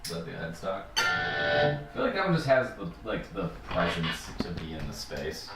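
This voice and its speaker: A man with a very deep voice talks in a laid-back, wry way, heard from across an echoey room. Loud guitar music plays over him. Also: big pitch swings, normal speed, far from the mic. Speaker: recording engineer. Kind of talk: casual studio talk.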